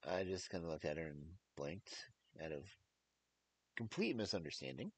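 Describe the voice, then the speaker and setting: Low-voiced male storyteller, casual and rambling. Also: animated, moderate pace, husky, poor audio. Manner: rambling, with many fillers and restarts.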